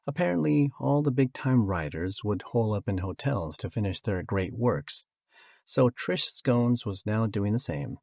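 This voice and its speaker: A man narrating an audiobook in a wry, expressive storytelling manner, on a close studio mic. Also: sits low, breathy edge, no room sound.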